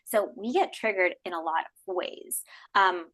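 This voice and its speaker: Animated woman guest on a podcast. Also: mid-range voice, normal speed. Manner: animated, acts out people's inner voices. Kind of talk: casual interview chat.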